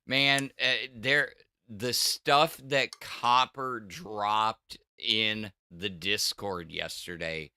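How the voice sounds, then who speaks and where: A man chats casually on a livestream, rambling and circling back on his words. His voice is bright and smooth, and it is recorded close and dry. He speaks at a slow, unhurried pace. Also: fairly low pitch, fairly even intonation, no echo. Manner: rambling, with stammered restarts. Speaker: podcast co-host.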